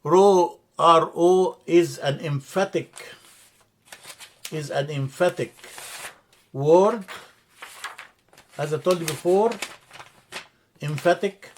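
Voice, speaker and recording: A man teaching a grammar lesson, explaining step by step, spelling out letters, repeating words and often pausing to correct himself. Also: a little high, slight background noise. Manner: frequent hesitations and self-corrections. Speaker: language teacher.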